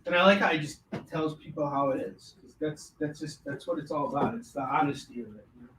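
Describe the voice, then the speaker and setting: A man's voice: on the high side, steady tone, quick pace, fairly bright tone, slight background noise. A man hosting a live stream where he sells comics, in loose casual chat that jokes, swears and stumbles over its own words. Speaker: host selling comics live.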